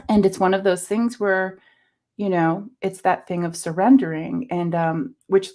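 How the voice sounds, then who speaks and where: Low-voiced woman musing on spirituality. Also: little pitch movement, takes it slowly. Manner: soft-spoken, musing, many fillers. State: coughing, clearing throat. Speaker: co-host. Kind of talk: reflective spiritual talk.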